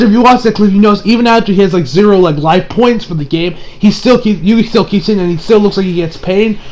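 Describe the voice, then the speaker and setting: A man's voice: high-pitched, a little hiss or hum, poor audio. A young man giving a casual, rambling anime episode review, with profanity and many restarts.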